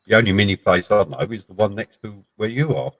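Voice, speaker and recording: A man's voice: lowish voice, lively intonation, fast talker, no echo, rough recording. A man in a casual late-night live chat with friends, talking in blunt, sweary banter.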